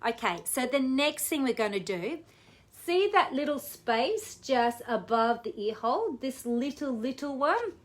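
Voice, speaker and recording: A woman teaching a guided self-massage for relaxation, talking gently and slowly in a soothing way. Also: high-pitched, animated. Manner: gentle, soothing, slow guidance with soft laughs. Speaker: wellness educator.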